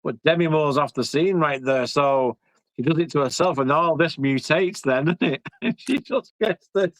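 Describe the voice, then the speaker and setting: Animated man in a film chat. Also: on the high side, no echo, rough recording. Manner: animated, repeats himself. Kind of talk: casual film review chat.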